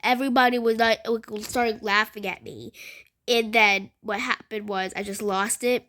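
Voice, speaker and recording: A woman telling a story in a casual, rambling way, full of fillers and animated retellings. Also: fairly high pitch, normal speed.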